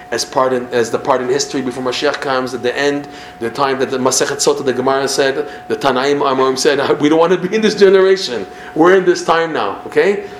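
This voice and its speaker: A man gives a Torah class in a lively, teacherly way. He restarts phrases and acts out little examples. His voice sits in a roomy space with a faint hum of ambience behind it. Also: medium pitch. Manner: animated, acts out examples, repeats himself.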